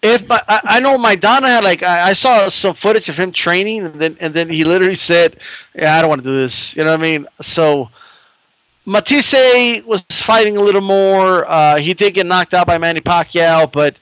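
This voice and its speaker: A man guesting on a boxing chat show, with a fairly high voice and an easygoing manner. He laughs easily and uses a lot of fillers. His remote audio sounds muffled and completely dry. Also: normal speed, fairly bright tone, dry recording. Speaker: guest vlogger. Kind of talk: casual chat. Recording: dull dry remote mic.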